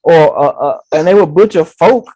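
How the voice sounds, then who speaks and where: A man co-hosting a casual podcast discussion, explaining his points in a measured way. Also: a little high, mellow.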